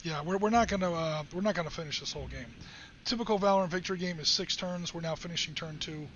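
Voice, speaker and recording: Brief: man, high-pitched, chatty host walking players through rules; dull audio with faint hiss. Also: fairly bright tone. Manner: chatty, joking, quick rule explanations. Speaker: wargame stream host. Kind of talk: casual chat while explaining game rules.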